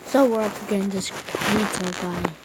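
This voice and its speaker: A woman's voice: medium pitch, fairly even intonation, unhurried. A woman giving casual gameplay commentary at home, rambling and correcting herself while keeping her voice down. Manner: rambling, self-correcting, talking quietly. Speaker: mobile game YouTuber. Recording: noisy home recording with clicks.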